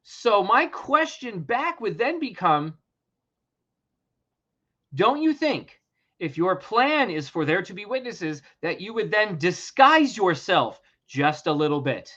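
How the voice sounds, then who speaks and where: Man, podcast host, heated rant, bright voice, lively swinging pitch, dull lo-fi sound. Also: slow. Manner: heated, emphatic, swears freely, laughs in disbelief.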